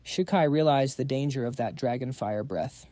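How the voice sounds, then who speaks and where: A man's voice: mid-range voice, normal speed, mellow, dry recording. A man narrating a fantasy comic recap in a dramatic, scripted storytelling style.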